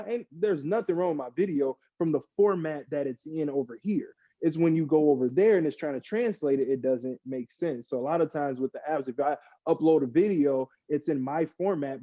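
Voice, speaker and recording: A man, a podcast guest, chatting casually and getting worked up, acting out other people in quick mock quotes. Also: fairly high pitch, no room sound, highs cut off. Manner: animated, rants with mock quotes. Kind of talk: casual chat.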